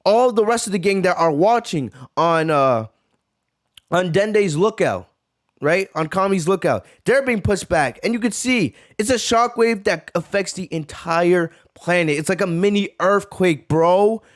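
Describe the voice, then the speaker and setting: A man hosting a live reaction video, giving excitable, slangy commentary. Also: high voice, a little slow.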